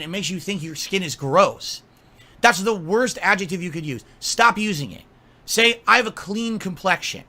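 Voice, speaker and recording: A man's voice: high voice, sharp tone. A man delivering an angry, profane rant, scolding and mocking someone at length. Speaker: streamer.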